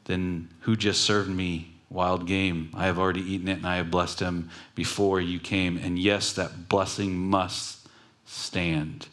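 A man voicing an old father who speaks slowly, gravely and with resignation, in a sermon retelling. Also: flat delivery, fairly bright tone. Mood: solemn. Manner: slow, low and grave.

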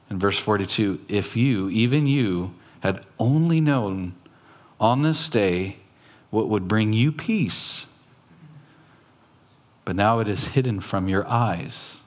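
A man preaching a sermon as a pastor, quoting scripture and talking plainly to the congregation, his voice rising at times. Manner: preaching slowly, quoting scripture, with sudden rises in pitch.

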